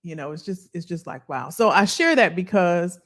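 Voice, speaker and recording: A woman in her fifties hosts a casual livestream and answers her viewers' chat as she goes. Her voice moves a lot in pitch, and her delivery is animated and chatty. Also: normal speed. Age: 50s. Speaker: career coach livestream host.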